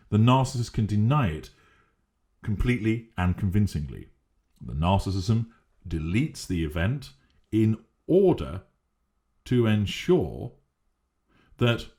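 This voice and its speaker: A man giving a measured, emphatic, lecturing analytical monologue. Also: fairly low pitch, darkish tone. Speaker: commentator on narcissism.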